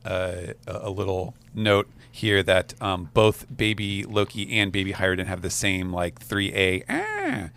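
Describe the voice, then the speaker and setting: A man on a comic podcast, chatting casually and pointing things out with halting restarts. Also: low-pitched, clean tone. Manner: hesitant, many restarts, then lively. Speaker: podcast guest. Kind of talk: casual chat.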